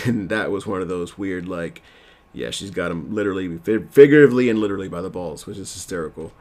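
Deep-voiced man rambling through a recap. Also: fast talker. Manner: rambling, self-deprecating, loose with fillers. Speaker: TV episode recapper.

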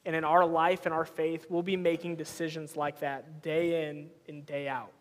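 A man's voice: on the high side, level tone, normal speed, in a large hall. A man in his thirties preaching a sermon as a pastor, conversational and telling personal stories. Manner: conversational, storytelling with personal anecdotes.

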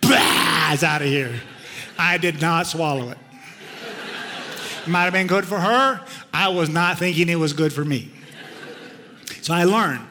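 Male pastor, sermon storytelling, bright forceful voice, slightly high, emotional swings between loud and hushed. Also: unhurried, long pauses. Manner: emotional, shifts from loud outbursts to hushed tones. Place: church sanctuary. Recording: long reverb of a large hall.

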